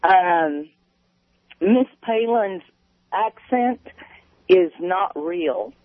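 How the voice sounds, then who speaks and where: A man's voice: high voice, expressive, no echo. A man calling in to a radio show, hesitant and full of fillers. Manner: slow, hesitant with many fillers. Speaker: caller. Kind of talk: call-in radio chat. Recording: tinny phone line.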